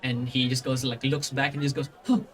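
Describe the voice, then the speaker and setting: A man narrates a fantasy tabletop adventure as game master. His talk is rambling and loose, full of fillers and restarts, at an ordinary pitch. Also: little pitch movement, brisk, a bit bright.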